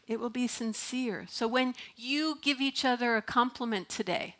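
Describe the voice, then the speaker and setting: Middle-aged woman pastor, slightly high voice, chatty and playful sermon delivery with frequent laughs. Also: normal speed, fairly bright tone. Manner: conversational, playful, laughs often. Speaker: minister. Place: church sanctuary.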